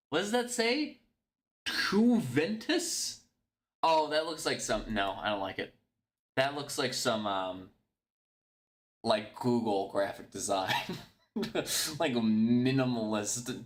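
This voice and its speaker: A man casually thinking aloud as he ranks logos, blunt, mocking and quick to swear. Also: fairly low pitch, a bit bright. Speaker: streamer ranking football club logos. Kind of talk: casual solo commentary.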